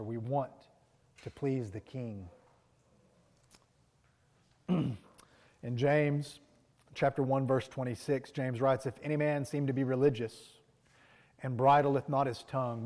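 A man delivers a sermon in an everyday mid-range voice, driving his points home by repeating them. His force builds to emphatic peaks, then drops back to quieter, reflective lines. The sound rings with the long reverb of a church hall. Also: mid-range voice. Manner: earnest preaching, rising and falling in force, repeating key lines. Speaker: pastor.

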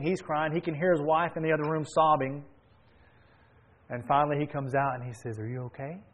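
A man preaching, his voice sitting a little high for a man. He tells a story within his sermon, dropping to a hush and then rising to emphatic exhortation. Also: rough recording. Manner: swings between soft and loud, emphatic.

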